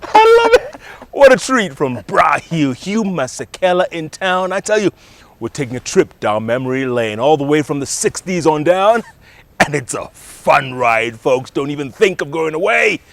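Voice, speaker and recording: A man's voice: a little high, sing-song, moderate pace, creaky, dry recording. Host, man, enthusiastic, hypes the guest, dry close mic. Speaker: talk show host. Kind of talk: TV interview and show hosting.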